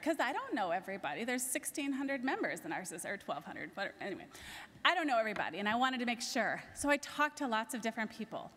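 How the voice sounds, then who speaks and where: A woman's voice: a little high, a bit bright. A woman introducing speakers at a conference, enthusiastic and candid, with some filler words. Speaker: society president presenting award. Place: large conference hall. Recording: long hall reverb.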